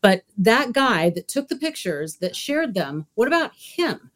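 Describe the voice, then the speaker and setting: A woman on a podcast panel, curious, firing off quick follow-up questions. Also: on the high side, sing-song. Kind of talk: casual podcast discussion.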